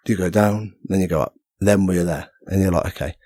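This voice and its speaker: A man's voice: deep voice, fairly quick, hardly any pauses, a little mellow, no echo, clean studio sound. A man telling a story as a podcast guest, rambling and self-mocking, acting out the voices of people he quotes. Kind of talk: casual storytelling chat.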